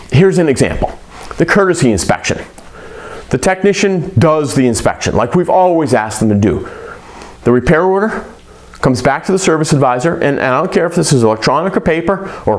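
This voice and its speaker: Upbeat man coaching on shop communication. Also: a little high. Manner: energetic, emphatic, asks rhetorical questions; acts out quoted shop workers. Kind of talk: coaching talk to shop staff.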